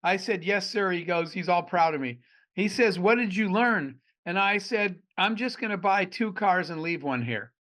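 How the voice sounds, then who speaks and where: A middle-aged man from Arizona, an entrepreneur guest on a podcast, telling animated stories and acting out the dialogue. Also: sits high, moderate pace. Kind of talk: storytelling in a podcast interview.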